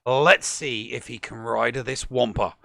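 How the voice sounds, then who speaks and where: Gravelly English man with a slow drawl. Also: medium pitch, pushed and bright, no room sound, studio quality. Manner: playful, joking, reads summaries. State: slightly sore throat. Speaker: co-host. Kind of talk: casual game-stats show chat.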